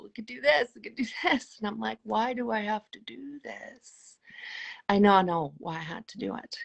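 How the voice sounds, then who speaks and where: A middle-aged woman telling a personal spiritual story as an interview guest, earnest and emotional, often dropping to a soft hushed tone. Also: fairly high pitch, dull audio.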